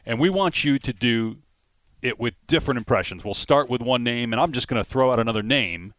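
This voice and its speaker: Mid-pitched man steering a sports show. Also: brisk, a bit bright, no room sound, studio quality. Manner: organized, steers the segment. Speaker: play-by-play announcer and host. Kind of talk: sports talk show hosting.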